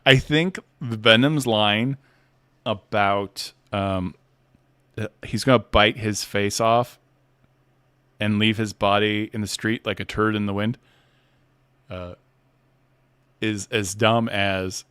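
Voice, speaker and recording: A man's voice: on the low side, steady tone, takes it slowly, long pauses, bright, forceful tone, clean tone, no room sound. A man hosting a casual livestream chat who talks playfully and laughs often. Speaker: host.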